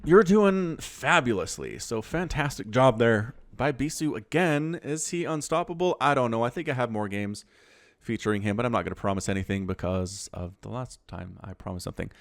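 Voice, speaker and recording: Animated male game caster. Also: mid-range voice, no room sound, clean studio sound. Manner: animated, quick bursts of excitement and asides. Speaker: StarCraft caster. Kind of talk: excited game commentary.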